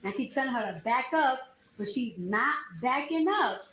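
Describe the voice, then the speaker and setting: A woman testifying as a witness, retelling events in a lively, slangy way with acted-out quotes. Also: high voice, normal speed. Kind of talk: courtroom testimony, storytelling. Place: echoey courtroom. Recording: echoey courtroom with faint noise.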